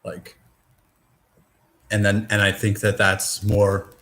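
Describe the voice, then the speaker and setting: A man in casual conversation, talking in a rambling, halting way with many fillers and restarts, and swearing now and then. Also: on the low side, monotone, fairly bright tone. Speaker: discussion participant.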